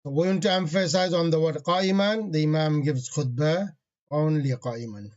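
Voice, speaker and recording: A man's voice: on the high side, a little mellow. Man teaching grammar, dull lo-fi sound. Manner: patient, repeats key terms slowly; reads Arabic grammar phrases quickly. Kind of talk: online grammar lesson.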